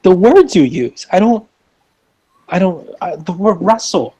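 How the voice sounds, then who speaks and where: A man's voice: high-pitched, animated, measured pace, dark tone, slightly rough, rough recording. A man in casual chat, jokey and teasing, often stopping and restarting his sentences.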